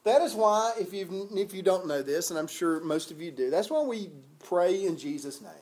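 A man's voice: high voice, animated, normal speed, hardly any pauses, darkish tone. A man preaching a sermon in a folksy, conversational way, often restarting his sentences. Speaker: pastor.

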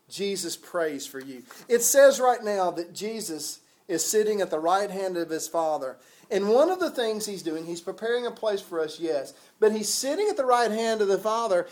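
A man's voice: high-pitched, darkish tone. A man preaching a sermon in a folksy, conversational way, often restarting his sentences. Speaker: pastor.

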